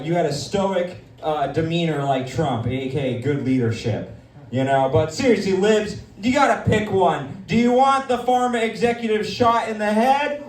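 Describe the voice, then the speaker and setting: A man's voice: on the high side, a little mellow, a little hiss or hum. A man hosting a live comedy show, bantering in a brash, crude, mock-pompous way. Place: comedy night in a dispensary. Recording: echoey room, distant mic.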